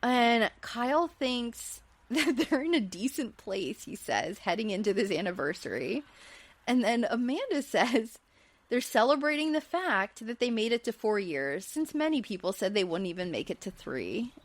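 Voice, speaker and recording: A woman's voice: on the high side, expressive, moderate pace, dry recording. A woman hosting a podcast and recapping a reality show in casual, chatty talk, with plenty of fillers and light laughs. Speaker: podcast host.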